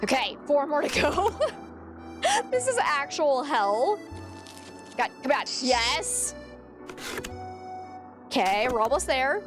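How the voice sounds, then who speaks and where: A woman's voice: high-pitched, sing-song, slow, pauses often, music in the background. A woman streamer chatting casually while playing a game, exasperated and swearing casually as she goes. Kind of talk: casual gameplay commentary.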